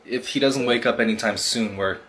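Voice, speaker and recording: A man's voice: mid-range voice, fairly quick, a bit bright, lightly acted. A man playing a stammering nervous doctor. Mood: somber. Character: nervous male hospital doctor. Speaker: comedy skit actor. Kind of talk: comedy skit acting. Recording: background noise.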